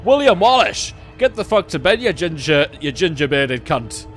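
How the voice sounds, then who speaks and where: A man voicing a scolding mum who sends her child to bed, in a put-on Scottish accent and a loud bellow. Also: fairly high pitch, very animated, moderate pace, faint music behind, voice pushed up. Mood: yelling. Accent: mock Scottish.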